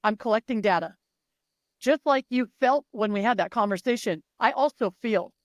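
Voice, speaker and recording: A woman coach with a fairly high voice speaks with emphatic, animated energy. She swears freely and slips into the voices of her athletes, recorded close and dry with no room sound. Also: moderate pace, no room sound. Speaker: mindset and performance coach. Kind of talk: guest in a sports interview.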